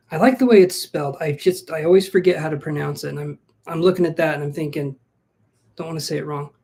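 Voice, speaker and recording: A man's voice: a little high, dark tone. A man hosting a casual live-stream tarot reading, chatty and self-joking, thinking aloud as he greets viewers and shuffles cards. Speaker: tarot reader.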